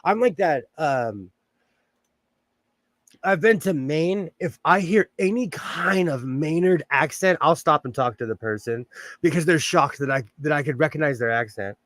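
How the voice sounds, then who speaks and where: A man with a Southern Californian accent chats loosely through a livestream. He rambles and laughs often. His voice sits a bit high, and the sound is dry and close. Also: lively intonation, a little slow, a bit bright, no echo. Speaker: livestream host. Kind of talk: casual livestream chat.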